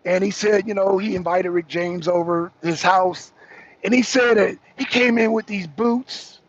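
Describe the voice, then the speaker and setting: Furious, profane high-voiced male ranter. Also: a little slow, muffled recording. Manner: angry, profane, animated. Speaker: talk show host. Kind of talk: heated political rant on a livestream.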